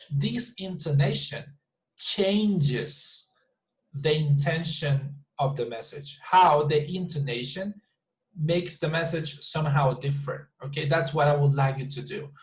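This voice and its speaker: Man, English teacher on a video call, slightly high voice, echoey room, repeats words, exaggerates stress. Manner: repeats words while searching, models sentences with exaggerated stress. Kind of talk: online class teaching.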